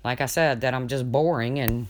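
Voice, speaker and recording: A woman hosting a casual livestream, reading viewer comments aloud and chatting, with a deep voice people mistake for a man's. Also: moderate pace. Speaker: livestream host.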